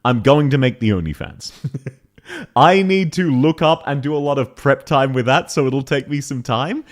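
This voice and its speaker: Laughing frequently, a man chats casually on a live stream and greets viewers by name. His mid-range voice is expressive, at normal speed, and still slightly rough at the beginning.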